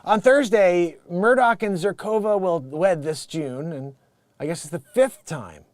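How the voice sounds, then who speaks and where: A man's voice: sits high, a little slow, no echo. A man hosting a comedic news show, rambling and joking through headlines and laughing at his own bits. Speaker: talk show host.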